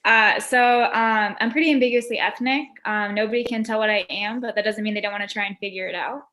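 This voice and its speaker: A woman's voice: medium pitch, quick pace, bright, forceful tone. A woman doing a stand-up set over a video call, with a dry, conversational delivery. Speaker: stand-up comedian. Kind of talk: stand-up set on a virtual show. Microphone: computer mic on a video call.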